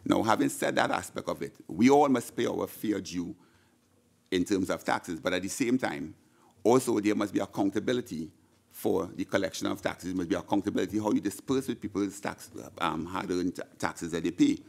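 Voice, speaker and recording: Trinidadian guy giving a fired up senate speech, lowish gravelly voice, keeps repeating himself. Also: a little fast, a little mellow. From Trinidad and Tobago. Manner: impassioned, repeats words, stumbles and restarts. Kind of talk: parliamentary budget speech. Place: senate chamber.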